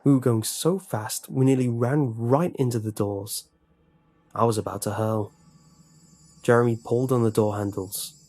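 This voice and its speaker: A man narrating a scripted horror story in a tense, measured way. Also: mid-range voice, fairly even intonation, warm tone, faint music behind.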